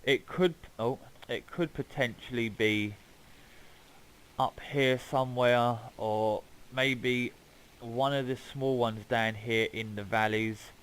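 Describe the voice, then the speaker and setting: A man's voice: mid-range voice, steady tone, takes it slowly, fairly bright tone, clean tone, poor audio. A man giving casual, rambling gameplay commentary as he flies around a map, swearing now and then. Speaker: gaming YouTuber.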